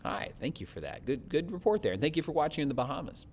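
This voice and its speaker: A man forecasting the weather and chatting warmly as he reads out viewer comments. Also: a little high, sing-song, fast talker. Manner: friendly, chatty, thanks viewers often.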